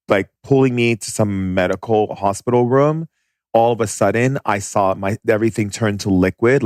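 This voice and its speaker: A man's voice: sits low, no echo, clean studio sound. A man telling a personal story as a podcast guest, intense and vivid.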